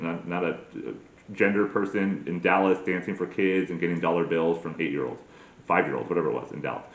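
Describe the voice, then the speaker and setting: A man's voice: lowish voice, echoey room. A man delivering a rambling, crude, self-mocking comedy monologue, often breaking into put-on voices. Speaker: comedy podcast host.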